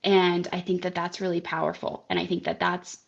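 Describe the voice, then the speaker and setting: Gravelly woman coach on muffled audio. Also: lowish voice, completely flat delivery, brisk. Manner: thoughtful, frequent "right?" and "um". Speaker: guest, life coach. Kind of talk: interview conversation.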